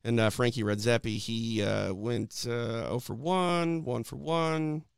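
Smooth-voiced man hosting a fight show. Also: mid-range voice, fairly even intonation, a little slow, dry recording, studio quality. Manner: chatty, frequent "uh" and "you know" fillers. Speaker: podcast host. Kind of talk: casual sports chat.

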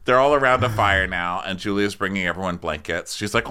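A man co-hosting a podcast, recapping a reality show in casual chat and mimicking the cast in high mocking voices. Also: a little fast, clear, resonant tone. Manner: animated, acts out quotes in high mocking voices. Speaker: podcast co-host.

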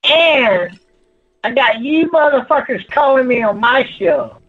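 A man's voice: very high voice, animated, measured pace, husky. An older man calling in to a live show, arguing in a crude, combative, ranting way. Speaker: caller. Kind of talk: heated call-in argument. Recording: muffled phone line.

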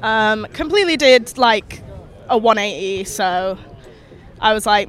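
A woman's voice: mid-range voice, expressive, unhurried, a bit bright. A young woman from England, talking frankly and dryly in a street interview outdoors in a city. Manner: frank, dry, matter-of-fact. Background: traffic.

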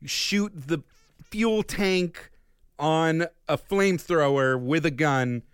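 A man co-hosting a podcast in casual chat, animated, with quick asides and frequent laughs. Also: a little high, smooth, no room sound, studio quality. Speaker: podcast co-host.

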